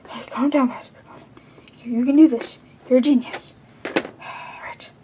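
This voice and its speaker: High-pitched stammering woman voicing a skit. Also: steady tone, normal speed, very noisy. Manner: stammering, hesitant restarts. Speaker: fan video maker voicing all characters. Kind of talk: comedic fan skit voicing.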